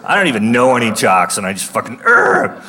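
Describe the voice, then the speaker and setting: A man's voice: lowish voice, lively intonation, quick pace, bright, forceful tone. A man in his thirties telling a stand-up comedy story with a ranting delivery that breaks into bursts of mock rage. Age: 30s.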